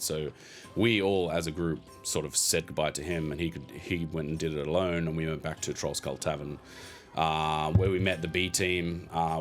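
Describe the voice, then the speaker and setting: A man hosting a podcast, casually recapping a tabletop game session in a rambling way, laughing now and then. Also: low voice. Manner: rambling, many fillers, chuckles often.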